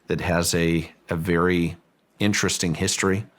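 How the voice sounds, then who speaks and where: A middle-aged man, a property owner, recounting a personal story in an interview, halting and repeating words as he thinks. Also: low voice, flat delivery, fairly bright tone.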